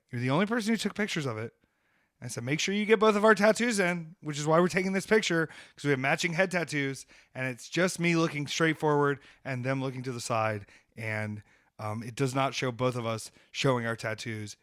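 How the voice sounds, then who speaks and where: A man's voice: mid-range voice, brisk, fairly bright tone, no room sound. A man with a mid-range voice trash-talks on a podcast in a brash, comic, ranting way. The sound is dry and close on a studio mic. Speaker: podcast host and wrestler. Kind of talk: casual podcast chat.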